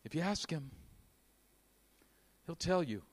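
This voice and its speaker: A man preaching a sermon, moving between quiet intimate passages and loud, fervent stretches. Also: fairly high pitch, lively intonation, takes it slowly. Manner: dynamic, swings from hushed to shouting.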